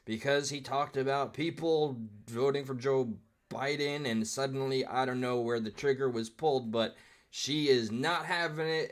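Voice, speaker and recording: A man in a middle-pitched voice comments on a clip as it plays live. He rambles and reflects, drops in casual profanity, and keeps his tone conversational. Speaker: streamer reacting to a clip.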